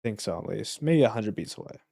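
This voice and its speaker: Excitable young man chatting to his stream. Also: fairly low pitch, fairly quick, gravelly, dry recording, studio quality. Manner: excitable, swings between loud and mumbling. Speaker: livestreamer making beats. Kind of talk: casual chat to stream viewers.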